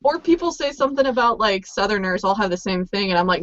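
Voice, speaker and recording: A woman's voice: mid-range voice, animated, fast, a bit bright. A chatty, giggly woman from Texas, hosting a casual online group chat. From Texas, USA. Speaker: host. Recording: dull lo-fi video call audio.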